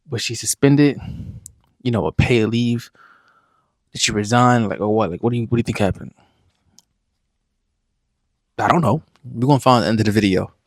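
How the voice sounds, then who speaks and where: A man's voice: mid-range voice, no echo. A man talks through a reaction video in an easygoing, candid way, like he is chatting with his viewers. His voice sits in a middle register. The sound is dry and close. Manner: laid-back, candid, conversational. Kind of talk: casual reaction commentary.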